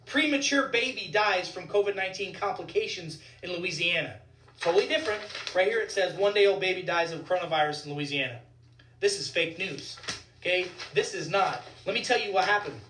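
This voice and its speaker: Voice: mid-range voice, fairly bright tone, slight background noise. Physician vlogger, fired-up rant, repeats for emphasis, distant mic, echoey room. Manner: indignant, ranting, repeats points for emphasis. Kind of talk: heated commentary vlog.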